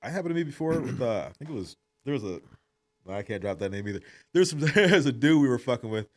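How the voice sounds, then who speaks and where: Man, middle-aged, rapid storytelling, swears a lot, casual podcast chat. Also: medium pitch. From Detroit, Michigan. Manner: profane, animated storyteller. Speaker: podcast guest, jiu-jitsu coach.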